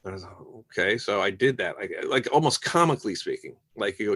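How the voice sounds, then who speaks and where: A man telling stories as a guest on a casual podcast interview, lively and acting out the voices of people he quotes. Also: fairly low pitch, fast, hardly any pauses. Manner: animated storyteller who acts out quoted voices. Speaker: musician guest.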